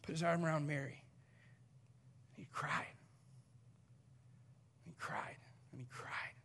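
A man preaching a sermon as pastor, moving between loud urgent appeals and hushed, almost whispered passages, and acting out short exchanges with the people he describes. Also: on the high side, steady tone, slow pace, gravelly, a little hiss or hum. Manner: acts out short quoted exchanges.

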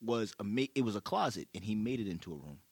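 Animated young man telling a story. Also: lowish voice, quick pace, a little hiss or hum. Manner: animated, swears a lot, acts out quotes loudly. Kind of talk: casual storytelling chat.

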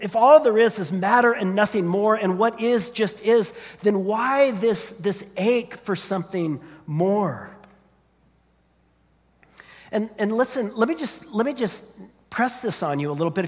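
A man preaching a sermon, earnest and searching, often repeating his opening words as he builds a point. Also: sits high. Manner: earnest, repeats words when starting sentences. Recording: long hall reverb.

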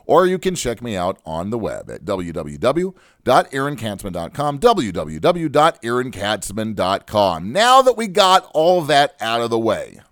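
A man's voice: mid-range voice, wildly swooping pitch, normal speed, a bit bright, no room sound, studio quality. A man hosting a financial radio show, ranting with jokes and fired-up emphasis. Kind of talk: comic talk-radio rant. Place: radio studio.

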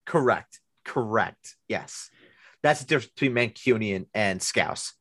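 A man's voice: lowish voice, animated, measured pace, fairly bright tone, no room sound. A man co-hosting a podcast, chatting casually about sports and restarting his sentences often. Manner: rambling, with many restarts and fillers. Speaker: podcast co-host.

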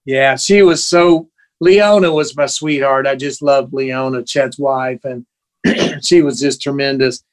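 A man in his sixties, a guest musician, telling sentimental stories in a relaxed chat and briefly acting out the voices of people he quotes. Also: medium pitch, a little slow. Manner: animated anecdotes, acts out quoted voices; emotional, sentimental. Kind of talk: casual storytelling chat.

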